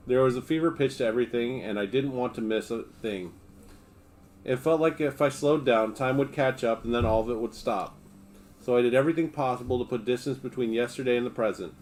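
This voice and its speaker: A man hosting a livestream, reading a memoir aloud in a steady, relaxed first-person voice. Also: mid-range voice, a little hiss or hum.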